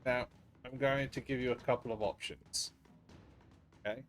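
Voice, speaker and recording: A man's voice: mid-range voice, steady tone, normal speed. A man narrating as dungeon master in a casual, laughing way that drops in swear words. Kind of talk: narrating a tabletop game. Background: faint ambient game music.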